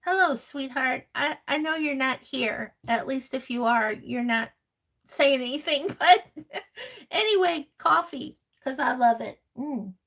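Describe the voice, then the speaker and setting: This crafting channel host has a high, gravelly voice with a slightly bright quality, and she never hurries. During her live-stream chat she reads viewer comments, laughs often and affectionately calls people honey and sweetheart.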